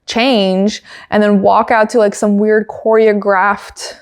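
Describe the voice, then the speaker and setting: A woman's voice: medium pitch, level tone, takes it slowly, smooth. A woman hosting a casual motorsport podcast, chatting with many fillers, giggles and dry asides. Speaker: podcast host. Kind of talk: casual chat recapping motorsport news.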